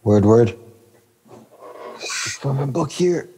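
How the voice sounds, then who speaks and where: Slow, mellow-voiced laid-back man. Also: mid-range voice, lively intonation, slight background noise, poor audio. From Calgary, Canada. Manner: laid-back, steering the show with short replies. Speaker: podcast co-host and rapper. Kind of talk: casual chat.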